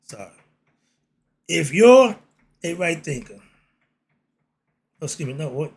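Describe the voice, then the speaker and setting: Husky older guy ranting casual, blunt street talk, kinda high voice. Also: lively intonation, moderate pace. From United States. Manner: blunt, streetwise, repeats rhetorical "why?". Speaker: commentary channel host. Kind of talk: casual political monologue.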